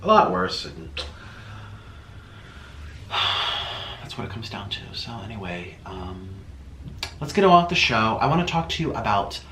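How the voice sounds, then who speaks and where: A man talking straight to camera in a casual vlog, tearful and halting, with many pauses and fillers. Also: fairly low pitch, very animated, roomy sound, noisy background. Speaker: vlogger. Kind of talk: emotional casual vlog talk.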